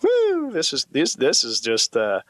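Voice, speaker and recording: A man's voice: on the high side, huge pitch swings, unhurried, very noisy. A male comedian giving a nervous, sarcastic stand-up monologue as a therapy patient.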